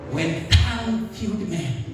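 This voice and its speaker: A Kenyan man preaches with a high, swooping voice, slipping between English and Swahili phrases. His voice rings through a church hall and sounds a little distant from the mic. Soft music plays faintly underneath. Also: animated, slow pace. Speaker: pastor. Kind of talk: sermon.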